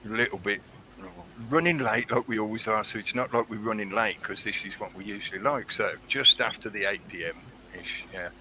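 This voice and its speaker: A man's voice: fairly low pitch, fairly quick, noisy background. Chatty man hosting a livestream. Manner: chatty and rambling, reading out chat names. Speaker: livestream host. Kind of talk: casual live-stream chat.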